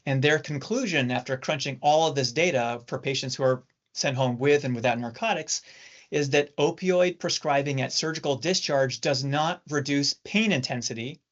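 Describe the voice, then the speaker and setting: A middle-aged male surgeon giving a measured, explanatory training talk to nurses. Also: mid-range voice, a bit bright. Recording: dull lo-fi recording.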